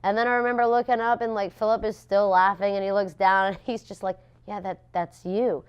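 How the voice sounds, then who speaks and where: A young woman, a pastry chef, telling stories in a casual interview, animated and laughing often as she acts out what people said. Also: medium pitch, fast, clean tone, lo-fi sound.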